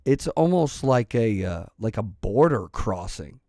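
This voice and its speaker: A man telling a story in an unhurried, gravelly voice, heavy with vocal fry. He rambles, swears freely and keeps restarting his sentences. The sound is dry and close. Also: lowish voice, big pitch swings, darkish tone, no echo. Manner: rambling and profane, with many restarts. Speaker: channel host. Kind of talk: casual storytelling.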